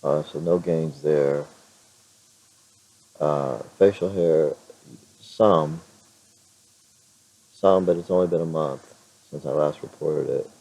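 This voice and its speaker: Very low, gravelly hoarse man. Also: takes it slowly, long pauses, warm tone, rough recording. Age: middle-aged. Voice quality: hoarse, raspy voice. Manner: rambling, frequent fillers and restarts. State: clears throat now and then. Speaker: vlogger. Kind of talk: casual vlog chat.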